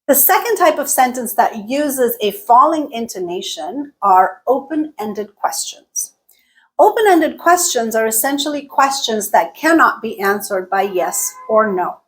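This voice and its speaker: A woman teaching a lesson, speaking clearly and deliberately and exaggerating pitch in her example sentences. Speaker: English teacher. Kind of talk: explanatory lesson with spoken examples.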